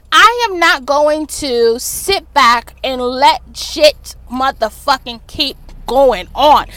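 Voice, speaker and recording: A woman vlogger, ranting loudly and profanely about celebrity gossip, filmed on a phone in a car in traffic. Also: sits high, no room sound. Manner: loud, profane, fired-up ranting. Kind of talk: casual ranting commentary.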